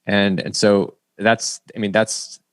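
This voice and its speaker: A man's voice: on the low side, little pitch movement, takes it slowly, no room sound. A middle-aged man giving a motivational business talk to a group, telling stories and acting out the dialogue in them. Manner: storytelling, acts out dialogue in quotes. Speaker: speaker presenting to a group.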